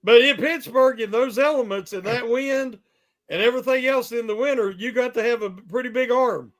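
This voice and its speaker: A man's voice: extremely high pitch, normal speed, fairly bright tone. A man appearing as a guest on a live sports podcast over a call, speaking hesitantly with many fillers. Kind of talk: casual sports chat.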